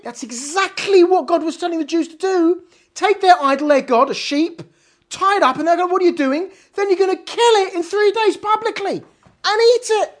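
Woman, high-pitched Torah teacher; animated delivery full of rhetorical questions. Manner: animated, many rhetorical questions, Hebrew terms mixed in. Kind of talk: lively Torah lesson.

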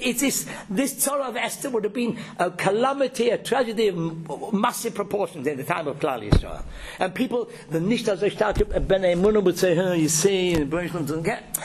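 A man's voice: high voice, a little hiss or hum. A man speaks to a gathering as a religious teacher. He tells his lesson with emphasis, often stumbling over repeated words before pushing on. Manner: emphatic and storytelling, with frequent repeated words and restarts. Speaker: religious teacher giving a talk. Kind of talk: informal religious talk to a gathering.

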